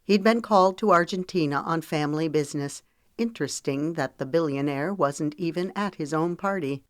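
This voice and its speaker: The narrator is a woman reading an audiobook with a low-pitched voice and an even, measured storytelling delivery. It's a dry recording of studio quality.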